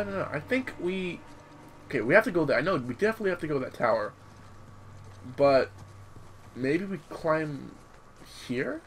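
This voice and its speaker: A man's voice: on the high side, slight background noise. A young man hosting a gaming channel, chatting casually over gameplay, rambling with many restarts and casual swearing. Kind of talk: let's-play commentary.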